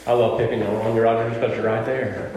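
A man's voice: on the low side, flat delivery, brisk, darkish tone, slight background noise. A man preaching a sermon to his congregation as pastor, impassioned and calling out members by name, recorded in a church sanctuary. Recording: echoey hall with long reverb.

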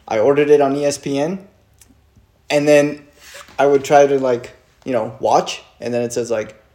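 A man chatting casually with a friend, telling swear-filled stories and getting loud and excited when reacting to a fight. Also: mid-range voice, moderate pace. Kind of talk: casual chat while watching fights. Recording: roomy echo.

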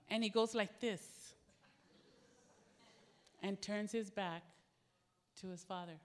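A woman's voice: on the high side, takes it slowly, long pauses, a bit bright. A middle-aged woman preaching a sermon, candid and earnest, telling stories. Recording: echoey hall.

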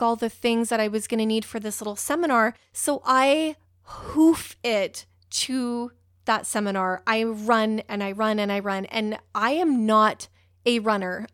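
A woman's voice: on the high side, fairly bright tone, no echo. Chatty emotional young woman, dry sound. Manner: chatty, rambling, emotional, swears. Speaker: storyteller. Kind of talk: casual personal storytelling.

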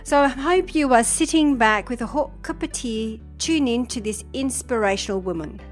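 A woman's voice: on the high side, moderate pace, over music. A woman hosting a podcast, reading a scripted intro and then chatting enthusiastically with her guest. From Australia. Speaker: podcast host.

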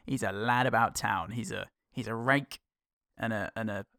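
A man co-hosting a casual comedic film review podcast, riffing chattily with halting restarts. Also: fairly low pitch, fairly even intonation, vocal fry, sharp tone, no echo, studio quality. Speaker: podcast co-host.

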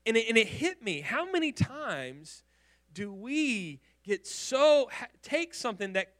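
A male pastor preaching a sermon, telling a personal story with animated restarts and repeated words. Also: very high voice, unhurried.

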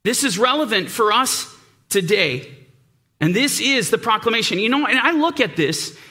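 A man's voice: high voice, sing-song, normal speed, sharp tone. A man preaching a sermon in an urgent, emphatic way.

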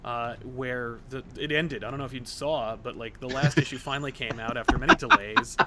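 A man's voice: medium pitch, lively intonation, fairly quick, sharp tone, slight background noise. A man hosting a podcast, chatting casually about comics with lots of fillers and stories. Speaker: podcast host. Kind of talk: casual chat.

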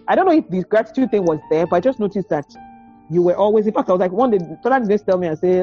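A woman's voice: medium pitch, very fast, lo-fi sound, soft background music. A woman guest on a podcast, chatting candidly and telling a story, often acting out old dialogue and laughing. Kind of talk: candid conversation.

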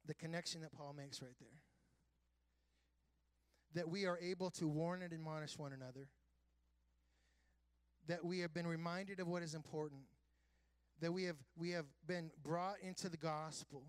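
A high-pitched male pastor delivers an earnest sermon, his voice pushing up and getting louder as he presses a point, with sarcastic asides along the way. The recording is dry and close, with no room sound around him. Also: steady tone, normal speed, pauses often, clear, resonant tone, dry recording. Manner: earnest preaching with self-described sarcastic humor; builds to loud, high emphatic passages.

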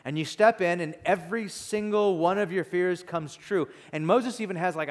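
A man preaching a sermon in a conversational, animated storytelling manner. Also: on the high side, moderate pace. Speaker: pastor. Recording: long reverb in a hall.

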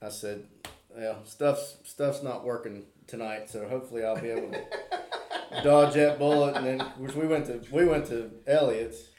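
A man's voice: medium pitch, normal speed, a little mellow, slight background noise. A man chatting casually, telling rambling stories and acting out what friends said. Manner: rambling storyteller, acts out quotes. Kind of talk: casual chat. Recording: roomy.

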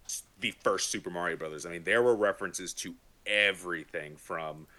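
A male podcast co-host with a low but bright voice. He speaks in a knowledgeable way, listing details at length. The sound is dry and close, with no room echo. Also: brisk. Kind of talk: casual podcast chat.

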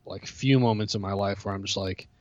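A man's voice: lowish voice, steady tone, fast talker, darkish tone, no room sound. A married man co-hosting a podcast and discussing a film. He stammers and hesitates, but he holds to his views. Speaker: podcast co-host. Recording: dull dry lo-fi mic.

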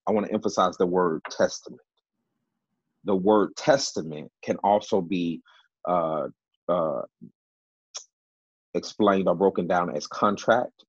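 A man with a low, husky voice explains Bible passages in a panel discussion. He presses his points by repeating key words and fills pauses with "uh". The sound is dry and dull, like a lo-fi recording. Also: dry recording. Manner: emphatic, repeats key words, many fillers. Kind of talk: Bible teaching in a panel talk.

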